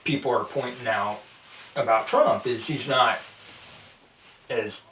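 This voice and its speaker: A man's voice: mid-range voice, takes it slowly, fairly bright tone, far from the mic. A man talking as a podcast guest, musing aloud and circling back through his thoughts. He is recorded a bit away from the mic in a roomy space, with some echo. A faint hiss sits behind his voice. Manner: reflective, hesitant restarts. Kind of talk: casual chat.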